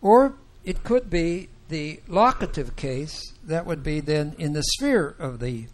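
A man teaching a Bible class, talking slowly and haltingly with many fillers and restarts. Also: a little high, lively intonation, a little mellow. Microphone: microphone that sometimes cuts out.

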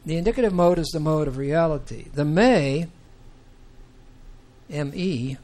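A man teaching a Bible class, talking slowly and haltingly with many fillers and restarts. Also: a little high, expressive, a little mellow. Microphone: microphone that sometimes cuts out.

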